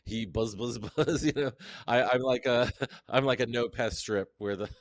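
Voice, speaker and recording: A man chatting as an interview guest, witty and self-mocking, telling quick anecdotes. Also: medium pitch. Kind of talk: casual interview chat.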